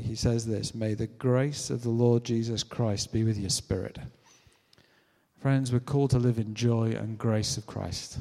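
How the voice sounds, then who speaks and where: A British man preaches in a relaxed, conversational way, slipping into little acted-out voices as he tells his stories. His tone is mellow and dark, and the sound rings with the long echo of a large hall. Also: mid-range voice. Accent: British English. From Britain. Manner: conversational, animated storytelling with acted-out quotes. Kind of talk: sermon.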